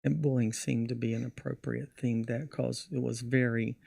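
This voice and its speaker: On a clean, dry studio recording without room sound, a middle-aged man speaks at a moderate pace in a creaky, medium-pitched voice. He's a magician guest on a relaxed podcast interview, vividly acting out stories from his show.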